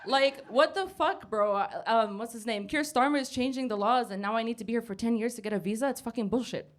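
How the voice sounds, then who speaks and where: Woman stand-up, fairly high voice, brash and sarcastic, swears a lot. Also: brisk. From United States. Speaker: stand-up comedian. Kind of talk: stand-up comedy set. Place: basement comedy club before a live audience.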